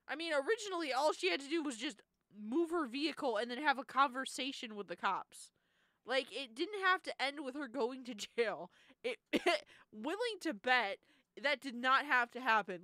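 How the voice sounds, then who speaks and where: A young woman streamer reacting to footage, blunt, profane and quick to laugh. Her high, bright voice leaps up and down as she talks. The sound is dry and close. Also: no echo. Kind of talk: casual live-stream commentary.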